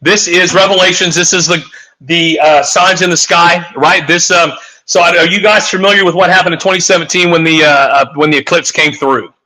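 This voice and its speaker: A man's voice: fairly high pitch, fairly even intonation, brisk, pushed and bright, rough recording. A man on a talk show giving a heated, profane, rambling rant, full of emphatic restarts. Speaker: guest.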